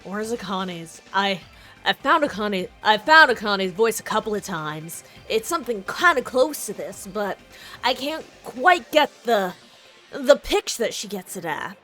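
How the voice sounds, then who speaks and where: A woman's voice: medium pitch, very animated, a little slow, bright, forceful tone, faint music behind. A woman streamer making casual gameplay commentary, chatting, correcting herself and laughing between asides.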